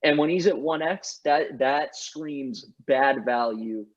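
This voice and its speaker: Man, husky voice, emphatic sports chat, dull lo-fi audio. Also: mid-range voice, slow pace. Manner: emphatic, argues his picks with many restarts. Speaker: sports podcast co-host. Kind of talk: casual sports analysis chat.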